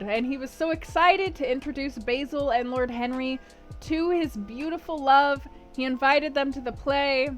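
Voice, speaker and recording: Chatty high-voiced woman streamer. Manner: chatty, lots of fillers and "like". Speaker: streamer hosting a book club. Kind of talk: casual recap of a novel.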